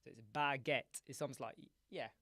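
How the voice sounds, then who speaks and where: A man's voice: on the high side, animated, normal speed, a bit bright, no echo, studio quality. A man hosting a live web design stream, joking and rambling playfully to his chat viewers.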